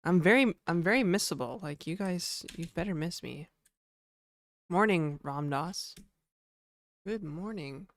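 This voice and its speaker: A man's voice: fairly high pitch, animated, a little slow, pauses often, fairly bright tone, dry recording. Chatty young man, slightly nasal. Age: young adult. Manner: chatty and rambling, greeting viewers by name. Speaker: livestreamer and game developer. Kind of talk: casual livestream chat.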